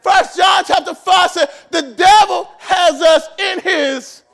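A man pastor preaching a sermon, shouting and emphatic, repeating phrases for emphasis in a church. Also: very high-pitched, slow pace, vocal fry, some chatter behind.

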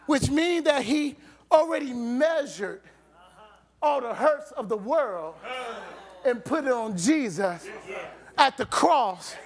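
A man preaching a sermon in a church, shouting and drawing the congregation into call-and-response. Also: very high-pitched.

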